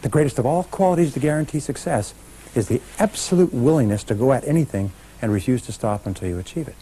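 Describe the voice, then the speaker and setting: A man's voice: medium pitch, lively intonation, quick pace, mellow, breathy edge, low-quality recording. A middle-aged man giving a motivational seminar talk, speaking emphatically and directly to a live audience. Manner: emphatic, talks straight to a live audience, leads call-and-response chants.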